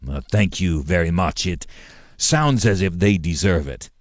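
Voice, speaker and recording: A man's voice: low-pitched, animated, measured pace, dry recording, clean studio sound. A man voicing a careful, diplomatic male fleet commodore who chooses his words with restraint.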